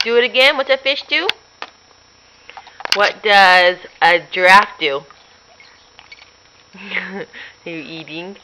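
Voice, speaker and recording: Bright-voiced mother coaxing her toddler. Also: medium pitch, slow, long pauses, a little hiss or hum, low-quality recording. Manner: playful, coaxing baby talk with frequent laughs. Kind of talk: talking to a toddler at home.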